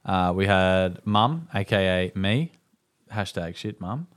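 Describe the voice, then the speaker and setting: A man's voice: sits low, expressive, takes it slowly. A man co-hosting a dads' podcast, casually reading out listener replies with a dry, laughing manner. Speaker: podcast co-host.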